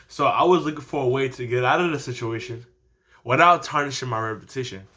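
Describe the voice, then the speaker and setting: A teenage boy casually telling a story time to his channel, animated and slangy, laughing often. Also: mid-range voice, brisk, a little hiss or hum. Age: teens. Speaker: vlogger.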